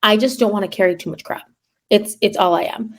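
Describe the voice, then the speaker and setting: Animated woman telling a story. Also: mid-range voice, a little fast. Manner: animated storyteller, filler-heavy, quotes herself. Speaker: guest, third grade teacher. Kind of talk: casual chat, personal storytelling.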